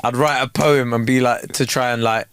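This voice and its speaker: A man's voice: mid-range voice, fairly even intonation, moderate pace, fairly bright tone, clean tone. A young man, co-hosting a podcast in casual, joking banter and laughing often. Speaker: podcast co-host. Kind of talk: casual chat.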